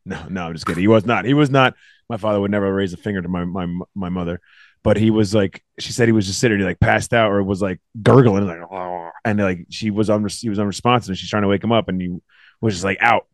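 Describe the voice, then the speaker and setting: Man, lowish pitch, rapid profane storyteller, dry recording. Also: dry recording. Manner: profane, animated storytelling with acted quotes. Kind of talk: casual chat.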